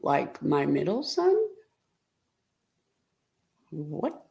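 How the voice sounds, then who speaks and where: A woman's voice: low voice, huge pitch swings, drawn-out words, creaky, dark tone. A middle-aged woman hosting a casual live stream and talking directly to her viewers in a chatty way. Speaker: live-stream host and reseller.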